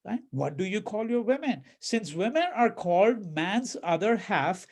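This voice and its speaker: His voice sits high with a darkish tone, animated yet measured in pace. He gives a university lecture in a conversational way, checking in with "right?", repeating words, and reading quoted verses in a mocking voice.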